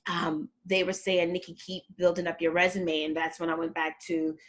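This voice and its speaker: A middle-aged woman telling her story as a guest in a casual interview, lively and acting out the people she quotes. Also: moderate pace. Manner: animated, acts out quotes with big jumps in pitch. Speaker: guest, performer and fitness trainer.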